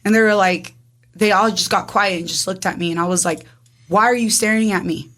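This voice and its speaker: A young woman in her twenties tells her story in a casual, talkative way. She acts out each exchange with quick voices and keeps dropping in "like". Her voice sits at a middle pitch. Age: 20s. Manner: rapid, animated, acts out dialogue with frequent "like". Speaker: guest.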